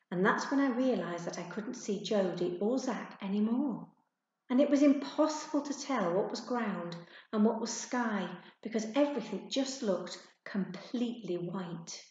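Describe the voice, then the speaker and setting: A woman's voice: mid-range voice, darkish tone. Woman reading a storybook aloud. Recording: echoey room, dull sound.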